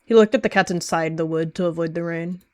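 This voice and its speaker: A woman's voice: lowish voice, fairly even intonation, quick pace, a little mellow, no room sound, clean studio sound. Woman narrating a dramatic game story. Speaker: channel host narrating a roleplay.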